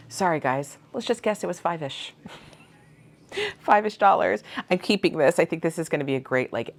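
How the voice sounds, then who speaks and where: A woman chatting through her thrift haul in a bubbly, gushing way, showing off each find. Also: very deep voice. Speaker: vintage reseller vlogger. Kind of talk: casual thrift haul show-and-tell.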